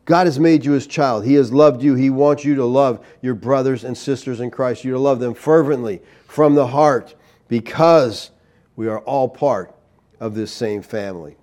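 A man's voice: mid-range voice, normal speed, darkish tone, reverberant. A man leading a Bible study as pastor, plain-spoken and conversational, often checking in with the group. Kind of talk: teaching sermon with group discussion.

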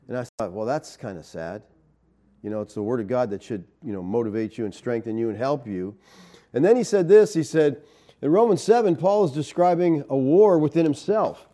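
A man's voice: medium pitch, lively intonation, moderate pace, warm tone. A man teaching a Bible study as a sermon, in a conversational way, often checking in with "okay?" and "you know".

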